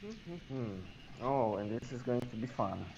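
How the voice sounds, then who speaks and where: A man with a mid-range voice, animated but unhurried, co-hosts a stream while playing a wargame, chatting casually. He thinks aloud hesitantly with many fillers, and the stream audio is dull with clear hiss.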